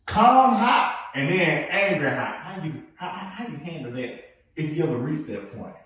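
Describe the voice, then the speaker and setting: A man co-hosting a podcast, chatting casually and telling stories, jumping between loud bursts and low asides. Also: very animated, moderate pace, slight background noise. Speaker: podcast co-host. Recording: echoey room, mic at a distance.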